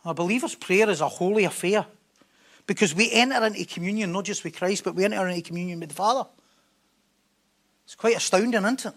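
A man with a notably high voice delivers a sermon. He speaks with emphasis and drives his points home by repeating phrases. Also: quick pace, pauses often, a bit bright. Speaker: preacher.

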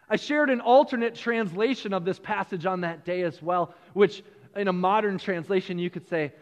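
High-voiced pastor preaching with hall reverb. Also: male voice, moderate pace, muffled recording. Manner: animated, repeats words, chuckles between points. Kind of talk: sermon.

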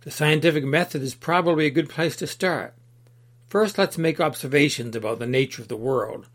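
Man doing an earnest young truth-seeker in a storybook reading, measured and steady. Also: fairly high pitch, natural voice.

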